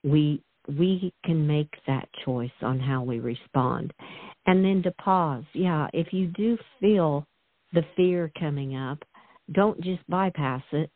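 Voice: medium pitch, slow pace, no echo. Affirming host on a tinny call line. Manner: affirming, conversational. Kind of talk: casual chat. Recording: tinny phone-line audio, dry.

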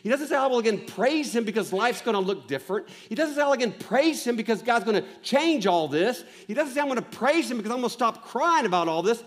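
Male preacher with a high voice, impassioned, swings between loud stress and hushed lows, repeats lines for emphasis. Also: sing-song, fast talker, few pauses. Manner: repeats lines for emphasis, asks the listeners questions. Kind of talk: sermon.

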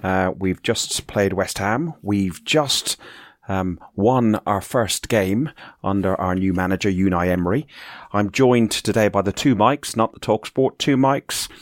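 A man hosting a podcast in casual chat, chatty and quick to laugh, swearing freely. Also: low-pitched, no echo, studio quality. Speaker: podcast host.

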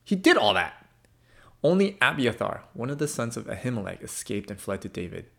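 A male pastor preaches with a lively, swooping pitch at a medium register. His delivery is emphatic and shifts between loud and soft. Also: fairly quick, gravelly. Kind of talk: sermon.

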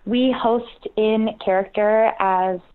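A woman's voice: medium pitch, steady tone, slow. An American woman guest on a phone interview, self-deprecating, laughing often and restarting her sentences. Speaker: comedian guest. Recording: tinny phone line.

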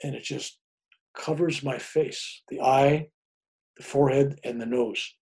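A man's voice: mid-range voice, measured pace, slightly rough. An older man, a reverend, telling a long personal story in a casual way and acting out the voices of the people in it. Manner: animated storyteller, acts out quoted voices. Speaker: guest, reverend.

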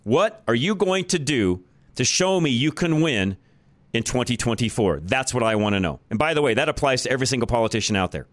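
A man's voice: medium pitch, very animated, fairly quick, no room sound. A man hosting a talk radio show, delivering a blunt, opinionated monologue and repeating his points for emphasis. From United States. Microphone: studio microphone.

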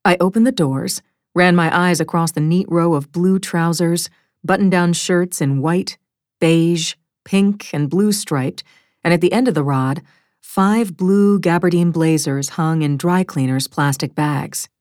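A woman reading a first-person thriller audiobook in a measured, wry storytelling manner, close to a studio mic. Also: lowish voice, a little mellow, no echo. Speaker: audiobook narrator.

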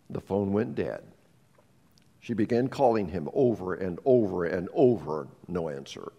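Earnest pastor preaching in a reverberant hall. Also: male voice, lowish voice, a little mellow, slightly rough. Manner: earnest storytelling with frequent restarts. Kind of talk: sermon. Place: church sanctuary. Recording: long reverb of a church hall.

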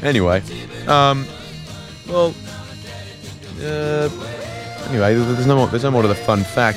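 A man's voice: mid-range voice, measured pace, pauses often, over music. An Australian man hosting a community radio show, rambling through a self-deprecating comic monologue with lots of fillers and restarts. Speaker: radio host.

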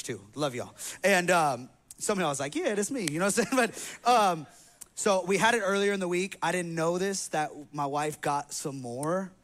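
A man's voice: a little high, a bit bright. A male pastor preaching a sermon, telling a humorous personal story in a casual, slangy, conversational way to his congregation in a church. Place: church sanctuary.

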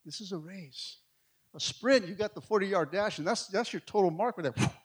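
A middle-aged man preaching a sermon, with energetic delivery that swings from loud calls to hushed asides. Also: sits high, moderate pace, slightly rough. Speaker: pastor.

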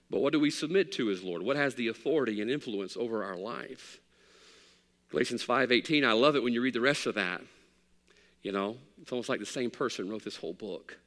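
A man preaching a sermon as pastor, emphatic, swinging from loud declarations to low, quiet asides. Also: brisk, in a large hall.

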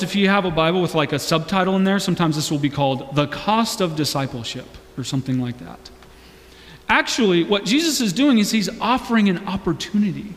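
High-voiced man preaching in a reverberant hall. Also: a bit bright. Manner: conversational, with restarts and rising to emphatic calls. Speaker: pastor. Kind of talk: sermon.

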